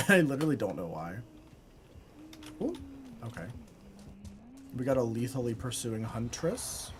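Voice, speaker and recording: Chatty woman streamer with wildly swinging pitch. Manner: chatty, expressive, quick reactions, playful complaints. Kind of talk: live-streamed gameplay commentary.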